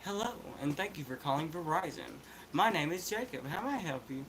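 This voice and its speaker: A man's voice: a little high, animated, a little fast, fairly bright tone, a little hiss or hum, rough recording. A man voicing a polite male call-center agent with a forced, neutral phone manner.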